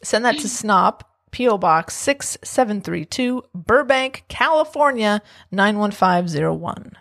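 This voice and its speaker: A woman's voice: medium pitch, lively intonation, unhurried, vocal fry, a bit bright, dry recording, studio quality. Upbeat woman podcast co-host. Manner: upbeat, runs through show contact details. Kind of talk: casual chat.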